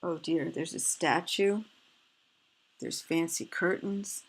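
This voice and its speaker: A woman reading a picture book aloud, stopping for gentle, fretful asides. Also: on the low side, slow, husky, rough recording. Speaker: storyteller.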